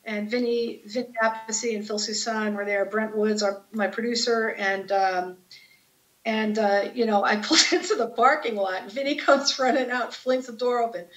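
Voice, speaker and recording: Guesting on an interview, a female guitarist talks casually, restarting often and filling her stories with fillers. She has a slightly high voice with a steady tone, speaks at a moderate pace, and the audio is dull lo-fi.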